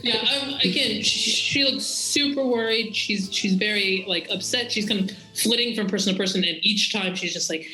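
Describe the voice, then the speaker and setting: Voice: medium pitch, normal speed, hardly any pauses, bright, forceful tone, roomy sound, soft background music, rough recording. A game master narrating a tabletop game in a casual, rambling way with many fillers. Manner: rambling, filler-heavy, self-mocking.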